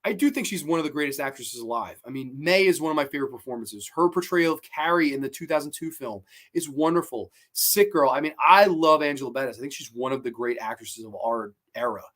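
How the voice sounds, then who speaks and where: A man hosting his own show, casually reviewing a horror film, excitable and swearing freely, with many fillers and repeated words. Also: a little high.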